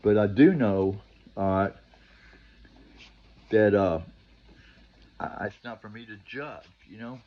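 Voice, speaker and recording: A man's voice: fairly low pitch, slow, long pauses. An older man talking straight to his viewers in a long, rambling vlog monologue, full of restarts and "you know," ending with preachy advice. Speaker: vlogger. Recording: dull lo-fi recording.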